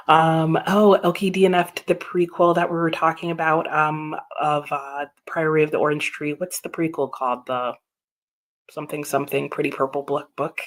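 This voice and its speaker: A woman's voice: deep voice, steady tone, normal speed. A woman hosting a live reading sprint stream, chatting casually and answering viewers' comments. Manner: chatty, laughs often, reads viewer comments aloud. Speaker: livestream host.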